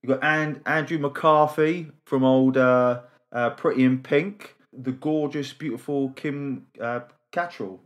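A man's voice: medium pitch, fairly even intonation, a little slow, few pauses. A man co-hosting a casual podcast, enthusiastic and rambling, often repeating words. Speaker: podcast co-host.

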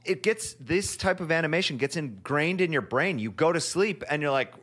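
A man's voice: a little high, animated, moderate pace, fairly bright tone, husky. A man co-hosting a cartoon podcast, rambling casually, laughing through his stories and swearing freely. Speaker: podcast co-host. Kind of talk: casual chat.

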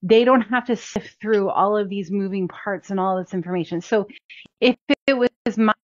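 A woman's voice: mid-range voice, moderate pace, no echo. Chatty woman chiropractor coaching practice owners, upbeat, dry lo-fi sound. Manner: chatty, upbeat, repeats key points. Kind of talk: instructional talk. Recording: dull, dry lo-fi recording.

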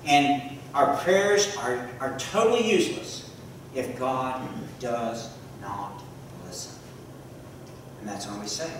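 Echoey preacher asking the room questions. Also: male voice, medium pitch, takes it slowly, slight background noise. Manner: interactive, asks congregation questions, repeats words. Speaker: preacher and teacher. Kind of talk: sermon. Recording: echoey hall from far off.

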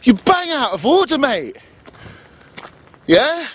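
High-voiced man ranting profanely. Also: expressive, moderate pace, a little hiss or hum. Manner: profane, emphatic, keeps asking "yeah?". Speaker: vlogger. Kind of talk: ranting monologue.

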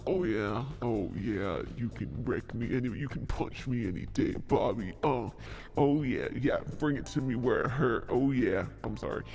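A woman's voice: a bass voice, moderate pace, creaky, dark tone, soft background music, pitched below the performer's own voice. A woman streamer speaking through a voice changer, joking around in a mock-macho way. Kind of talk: casual live-stream chat.

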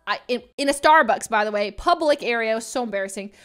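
A young woman livestreamer telling a story in a casual, animated, dramatic way into her desk mic. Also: a little high, fast, clear, resonant tone. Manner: animated, dramatic, breaks into laughs.

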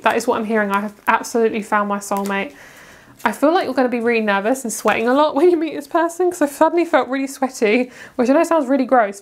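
Gushing British woman with a bright pitch. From Britain. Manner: gushing, excitable, bursts into laughter. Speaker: tarot reader. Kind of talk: casual tarot card reading.

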